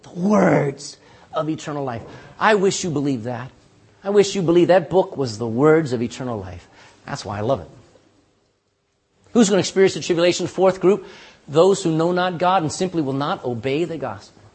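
A man preaching a sermon as pastor, impassioned and pleading, with sudden drops to a hush. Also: a little high, animated, moderate pace, husky.

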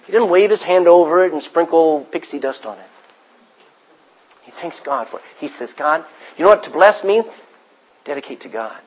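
A man preaching a sermon as pastor, swinging from hushed asides to loud acted-out quotes. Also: fairly high pitch, expressive, normal speed, pauses often, breathy edge, highs cut off.

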